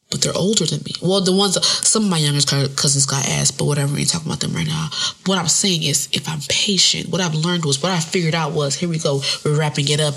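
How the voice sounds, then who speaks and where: A woman in her thirties, a podcast host, telling a funny story in casual, animated, profane speech with AAVE. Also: deep voice, husky. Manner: animated, profane, laughs often.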